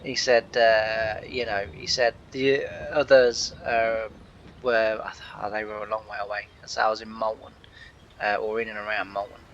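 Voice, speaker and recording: A man's voice: lowish voice, little pitch movement, unhurried, fairly bright tone, dull audio, a little hiss or hum. A man telling a long casual story while playing a game, laughing often and acting out the people he quotes. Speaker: gaming channel host. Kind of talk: casual storytelling over gameplay.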